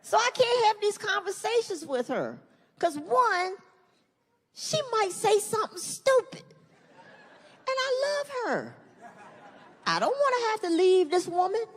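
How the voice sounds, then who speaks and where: A middle-aged woman performing a profane stand-up comedy set, animated and shifting into high acted-out voices. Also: a little slow, pauses often, some chatter behind. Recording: live hall reverb, faint room noise.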